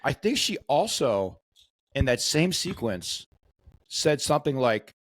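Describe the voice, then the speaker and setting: A man co-hosting a podcast in casual chat, agreeable and quick to chime in, with frequent fillers. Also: medium pitch, very animated. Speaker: podcast co-host.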